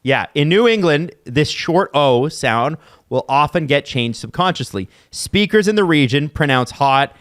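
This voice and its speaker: A man's voice: fairly high pitch, expressive, unhurried, a bit bright, dry recording, clean studio sound. A man hosting a podcast in a casual chat, often reading aloud from an article. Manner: reads aloud from an article, chatty. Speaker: podcast host.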